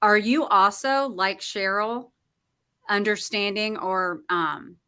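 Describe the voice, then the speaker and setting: A woman hosting a casual interview show, bubbly and quick to laugh. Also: mid-range voice, sharp tone, clear, resonant tone. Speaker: show host.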